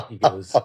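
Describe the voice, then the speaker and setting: A man on a talk show, telling a funny story about his young son and acting out the boy's lines. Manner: animated storytelling, acting out a child.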